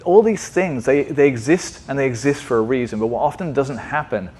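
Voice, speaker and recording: A man's voice: medium pitch, a little fast, a little mellow, husky. Chatty man giving a tech meetup talk. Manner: conversational, asks frequent "right?" checks. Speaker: conference speaker.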